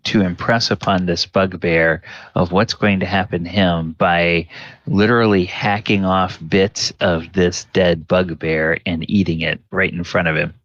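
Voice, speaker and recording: A man narrating a tabletop game as dungeon master, halting and full of filler words. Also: low-pitched, steady tone, a bit bright, dry recording. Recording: dull lo-fi sound.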